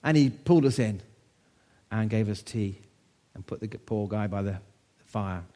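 Speaking at a moderate pace in a mellow, lowish voice, this British man in his sixties addresses his church congregation. He delivers his sermon as a conversational story, using rhetorical questions along the way.

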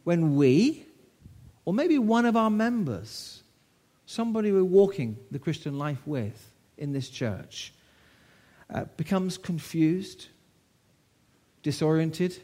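A man's voice: fairly high pitch, lively intonation, takes it slowly, mellow. A man in his sixties from the United Kingdom preaching a sermon to his church, telling a story in a conversational way with rhetorical questions.

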